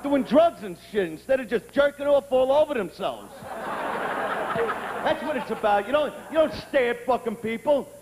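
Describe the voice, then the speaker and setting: A male stand-up comedian telling a brash, profane routine who bursts into shouting. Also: very high-pitched, expressive, measured pace. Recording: echoey hall with clear noise.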